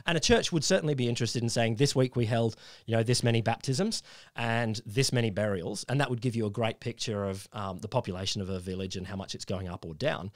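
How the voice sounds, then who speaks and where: An Australian man co-hosting a casual science podcast, explaining history in a halting way with many ums and restarts. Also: on the low side, no echo, studio quality. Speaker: podcast co-host.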